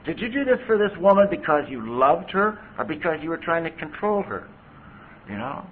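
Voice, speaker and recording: Captured on tinny lo-fi tape with slight background noise, this AA speaker's voice is a little high and very animated, moving at a moderate pace. He's a middle-aged man from California sharing his recovery story from a convention hall podium, frank and chatty and full of "you know."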